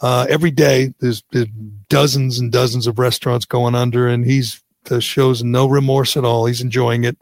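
A man's voice: medium pitch, flat delivery, moderate pace, hardly any pauses, dry recording. A middle-aged man, hosting political talk radio with sarcastic, indignant ranting. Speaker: talk show host.

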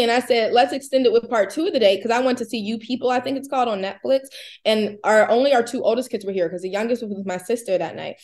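A woman in her thirties co-hosting a casual chat show, telling rambling stories and acting out what people said. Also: on the high side. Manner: rambling storyteller, animated quoting. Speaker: co-host.

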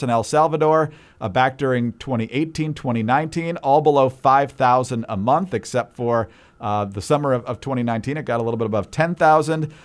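A man co-hosting a political podcast, calmly going through numbers with frequent fillers. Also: mid-range voice. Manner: measured, reads out figures with fillers. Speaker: podcast co-host. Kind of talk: political commentary chat.

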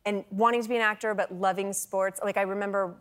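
An actress and comedian chatting as a talk show guest, bubbly and quick to laugh, with lots of restarts. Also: female voice, mid-range voice, steady tone. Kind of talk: casual talk show chat.

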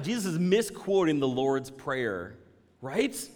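A man preaching a sermon as pastor, conversational and animated, acting out the voices of the people in his examples. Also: on the high side, normal speed. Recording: long hall reverb.

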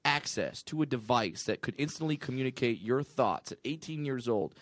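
A man's voice: mid-range voice, lively intonation, normal speed, fairly bright tone, dry recording, clean studio sound. A man, a comedian co-hosting a show, telling a story in casual banter, stammering and laughing as he goes. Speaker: comedian co-host.

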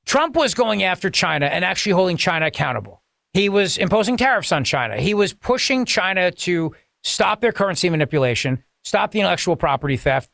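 A male talk radio host in full monologue, combative and sarcastic, firing off rhetorical questions. His voice sits high with a gravelly rasp, recorded close and dry with no room sound. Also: fairly bright tone, no room sound.

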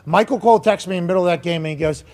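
A man hosting a sports talk show, loud, profane and excitable in casual banter. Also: high voice, very fast. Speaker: show host.

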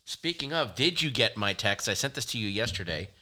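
A man co-hosting a casual chat podcast, rambling and halting with many fillers, and teasing. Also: lowish voice, very animated, pushed and bright. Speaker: podcast co-host.

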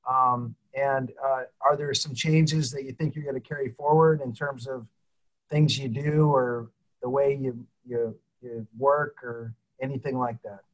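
A man's voice: mid-range voice, steady tone, unhurried, rough recording. A man hosting an interview podcast, asking loose, rambling questions with fillers.

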